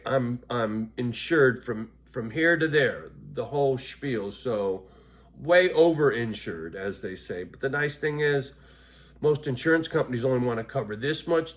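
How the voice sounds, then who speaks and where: A tired, loopy middle-aged man vlogging to his viewers in a casual, rambling way, swearing freely and often asking "right?". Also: mid-range voice. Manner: profane, chatty, keeps asking "right?". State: worn out and loopy.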